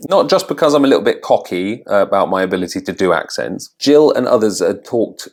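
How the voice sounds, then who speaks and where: This is an Englishman with a fairly low voice who coaches people on their accents. He narrates his vlog in a reflective, open way and pokes fun at himself now and then. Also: animated, a little fast. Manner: thoughtful and candid, with self-deprecating humour.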